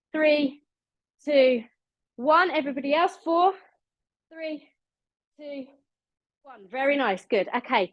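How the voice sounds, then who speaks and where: Upbeat high-voiced British fitness instructor. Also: female voice, dry recording. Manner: upbeat, encouraging, counts down reps. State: slightly out of breath. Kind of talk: live online exercise class coaching.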